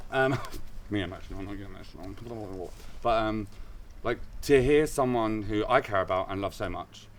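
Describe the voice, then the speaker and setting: A man's voice: lowish voice, far from the mic, slight background noise. A man co-hosting a casual mental health chat, rambling and playful in manner. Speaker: co-host.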